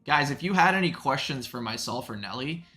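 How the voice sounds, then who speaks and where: A man's voice: mid-range voice, lively intonation, brisk, pushed and bright. A man hosting a live stream, chatting in a loose, rambling way with lots of fillers and some swearing. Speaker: stream host. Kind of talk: casual chat on a live stream.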